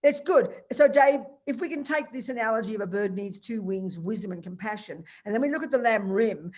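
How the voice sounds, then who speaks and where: A woman's voice: medium pitch, a little fast, darkish tone. An older woman, a Buddhist teacher, giving a direct, emphatic dharma teaching over a video call. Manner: direct, emphatic, explains point by point.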